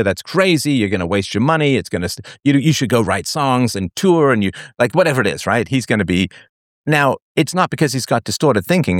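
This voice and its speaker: Low-voiced man explaining at length. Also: dry recording, clean studio sound. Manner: explanatory, checks in with frequent "right?". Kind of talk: call-in advice talk.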